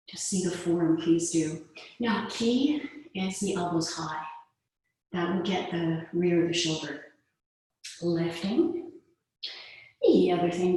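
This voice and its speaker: A woman's voice: lowish voice, a little mellow. A woman instructor leading an online yoga strength class, cueing each exercise with playful asides and laughs. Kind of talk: live online fitness class. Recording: echoey video-call audio from far off.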